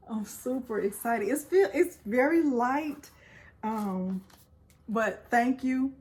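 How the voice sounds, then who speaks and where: Excited, emotional woman vlogger. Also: a little high, moderate pace. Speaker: craft channel host. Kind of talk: casual vlog chat.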